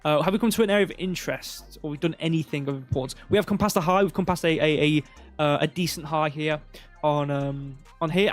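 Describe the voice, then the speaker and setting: A man's voice: a little high, brisk, faint music behind. A man hosting a live crypto stream, talking through charts in a rambling, casual way with lots of fillers. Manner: rambling, filler-heavy, thinking aloud. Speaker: crypto livestream host.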